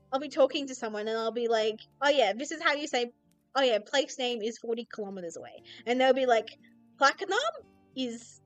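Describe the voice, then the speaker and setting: A woman's voice: high-pitched, no echo. A young woman, a streamer chatting casually and telling rambling stories, acting out quotes from family and people she has met. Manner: rambling, animated storytelling with mock quotes. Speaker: VTuber streamer. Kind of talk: casual chat.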